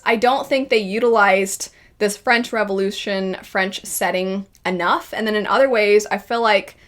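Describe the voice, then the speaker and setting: A woman reviewing a series in a casual spoken style, lively and acting out her own quoted reactions. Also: mid-range voice. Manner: animated, acts out quoted reactions. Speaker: video reviewer.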